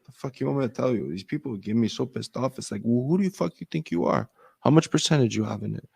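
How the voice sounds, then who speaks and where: A man's voice: medium pitch, animated, fast, gravelly, warm tone, slightly rough. A man ranting in casual chat, swearing heavily. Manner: profane, ranting.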